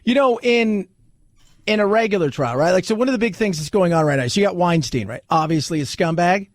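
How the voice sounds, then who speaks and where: A man's voice: high-pitched, lively intonation, brisk, no room sound. A man hosting a talk radio show, chatting casually in a wry, sarcastic way.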